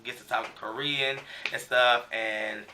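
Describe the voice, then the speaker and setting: A man's voice: mid-range voice, fairly even intonation, a little slow, sharp tone, recorded from a distance, slight background noise. A man giving a casual recap of a TV episode, talking loosely with slang and lots of fillers. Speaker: TV show recap reviewer.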